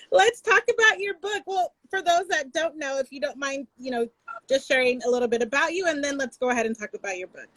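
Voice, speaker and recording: Bubbly high-voiced woman hosting a stream. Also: expressive, normal speed, fairly bright tone, no room sound, poor audio. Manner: bubbly, chatty, laughs often. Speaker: bookstore host. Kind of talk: casual live-stream interview. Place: home setup in California. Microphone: video call.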